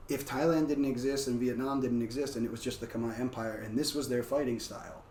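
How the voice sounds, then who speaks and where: Man guest, casual animated storyteller, roomy far-off mic, faint hiss behind. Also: medium pitch, fairly quick. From United States. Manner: loose and animated, frequent "like" fillers. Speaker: guest, martial arts practitioner. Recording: roomy, distant mic, faint background noise.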